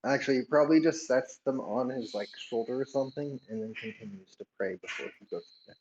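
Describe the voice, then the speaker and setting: A man's voice: mid-range voice, fast, lo-fi sound, noisy background. A man playing a tabletop game, describing his character's actions hesitantly and repeating words as he goes. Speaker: player. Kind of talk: tabletop game role-play.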